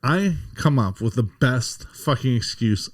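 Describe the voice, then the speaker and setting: A man's voice: mid-range voice, lively intonation, measured pace, no room sound, clean studio sound. A man co-hosting a podcast who tells laid-back anecdotes and chimes in agreeably during casual chat. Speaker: podcast co-host.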